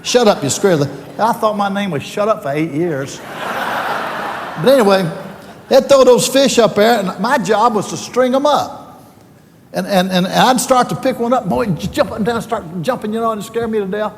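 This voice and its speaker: An older man with a Southern drawl tells folksy stories and preaches in a homespun, joking way. His voice sits high for a man. It rings through a large hall over a faint low rumble. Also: moderate pace. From Alabama, US. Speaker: speaker addressing a team. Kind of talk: folksy faith talk with stories.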